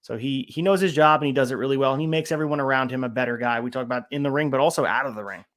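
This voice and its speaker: A man co-hosting a casual wrestling podcast, walking through his notes on each segment in a methodical, steady way. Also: medium pitch, racing. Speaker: podcast co-host.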